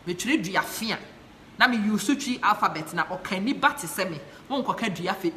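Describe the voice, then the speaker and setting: A woman's voice: mid-range voice, expressive, normal speed, sharp tone, slight background noise. A woman from Ghana with a Ghanaian accent, passionately hosting a live stream, chatting and reading out viewer comments while mixing English and Twi. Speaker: live show host.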